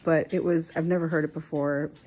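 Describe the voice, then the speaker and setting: A woman in her forties speaking in a personal vlog, tearful and soft, often dropping to a whisper. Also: low voice, flat delivery, a little fast. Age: 40s. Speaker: vlogger.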